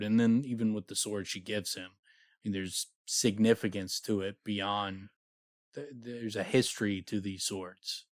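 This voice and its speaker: A man's voice: lowish voice, steady tone, measured pace, no room sound, studio quality. A man co-hosting a podcast, chatting casually and sarcastically about a book, swearing now and then. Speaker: podcast co-host. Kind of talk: casual book discussion chat.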